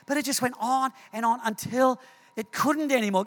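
A man preaching a sermon in a church, telling stories in an animated way and repeating words as he acts scenes out. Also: very high voice, moderate pace. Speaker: pastor. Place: church hall. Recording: long hall reverb.

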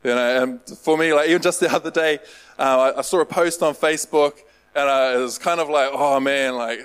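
A man's voice: medium pitch, a little fast, a bit bright, clean tone, rough recording. A man preaching a casual sermon, rambling and self-deprecating, with lots of fillers. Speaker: pastor.

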